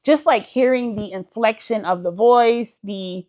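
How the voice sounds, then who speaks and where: A woman's voice: a little high, a little slow, a little mellow. A woman book vlogger in casual chat, enthusiastic and full of fillers, calling her viewers "y'all". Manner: chatty, enthusiastic, uses many fillers like "like".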